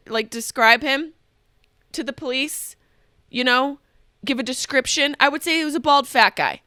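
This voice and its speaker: A woman hosting a podcast, telling a comic story in a profane, animated way and often interrupting herself. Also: high-pitched, dry recording, clean studio sound. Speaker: podcast host. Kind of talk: comedic storytelling monologue.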